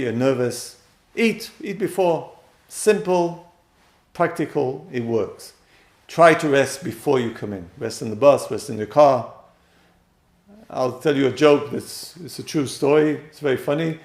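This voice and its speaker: Male teacher, gravelly, emphatic and repetitive, recorded in an echoey room. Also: medium pitch, unhurried. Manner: emphatic, repeats key phrases, addresses listeners directly. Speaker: teacher giving marriage guidance. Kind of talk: spoken lesson on marriage. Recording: roomy echo.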